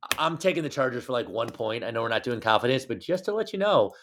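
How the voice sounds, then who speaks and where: A man co-hosting a sports podcast, chatting casually and ribbing his partner as he makes his picks. His voice sits at an everyday middle pitch, and his talk is loose, jokey and full of banter. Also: fast talker, background noise. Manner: teasing, jokey, animated banter. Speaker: podcast co-host.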